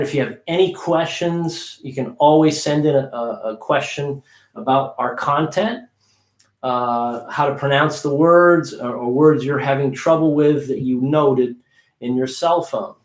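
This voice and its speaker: A man teaching English pronunciation on a livestream, repeating words slowly for practice. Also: mid-range voice, echoey room.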